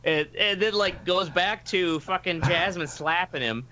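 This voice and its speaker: Animated high-voiced storyteller man. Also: unhurried. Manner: animated, acts out quoted voices, swears freely. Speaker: podcast host telling a story. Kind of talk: casual storytelling.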